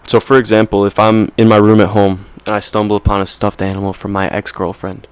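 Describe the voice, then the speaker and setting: A young man talking straight to his viewers in a loose, rambling way, leaning on slang and little "you know?" checks. His voice sits on the low side and comes through dry and close, with no room sound around it. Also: completely flat delivery, brisk, smooth, dry recording. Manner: rambling, slangy, self-interrupting with "like" and "right?". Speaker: vlogger. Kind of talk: casual monologue to camera.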